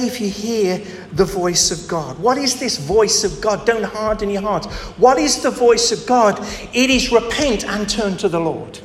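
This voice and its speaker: A high-voiced man preaches with emphasis, leaning on rhetorical questions and drawn-out pauses. His voice rings through an echoey hall with a long reverb tail. Faint ambience sits behind him. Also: a bit bright, slight background noise. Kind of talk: sermon.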